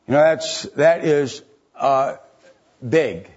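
An older man preaching a sermon, building to high, emphatic passages on scripture. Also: unhurried, long pauses, a little mellow, slightly rough, lo-fi sound.

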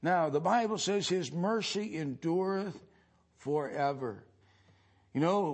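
A man from the United States delivering a sermon at an unhurried, deliberate pace. His voice sits fairly high for a man, and his speech is halting, full of pauses and filler sounds before he pushes into louder, emphatic lines. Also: sing-song, husky. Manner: builds to louder emphatic passages. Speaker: pastor.

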